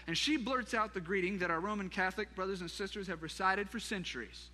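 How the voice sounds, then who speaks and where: A pastor preaching a sermon, retelling a scripture story in a lively way with asides to the congregation. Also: male voice, sits high, fast talker, hardly any pauses, big-room sound.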